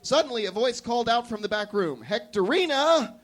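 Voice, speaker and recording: A man, a performance artist, reading an absurd comic story aloud at a live café show in a deadpan storytelling manner. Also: sits high, fast talker.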